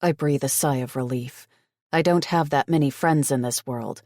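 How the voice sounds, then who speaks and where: A woman's voice: extremely low pitch, moderate pace, a little mellow, no echo. A woman narrating a first-person audiobook in a blunt, sarcastic manner with plenty of swearing, close to the mic.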